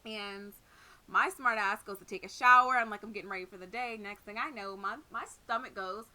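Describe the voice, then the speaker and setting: A young woman co-hosting a casual podcast, telling stories in an animated, laughing, profane way. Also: medium pitch, brisk. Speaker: podcast co-host.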